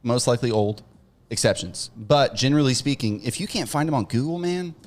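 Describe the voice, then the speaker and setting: A man co-hosting a casual podcast chat about real estate, talking in quick, emphatic bursts with joking asides. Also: mid-range voice. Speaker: co-host.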